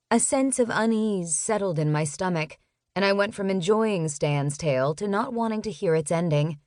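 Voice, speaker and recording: A woman narrating a novel in the first person, in a lively, expressive reading style. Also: medium pitch, normal speed, no room sound, studio quality. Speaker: audiobook narrator. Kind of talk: scripted narration.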